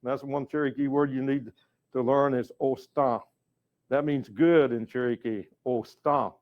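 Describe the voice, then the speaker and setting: An older man from North Carolina giving a language lesson, patient and slow, repeating each word so the learner can follow. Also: medium pitch, fairly even intonation, highs cut off. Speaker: educator and storyteller.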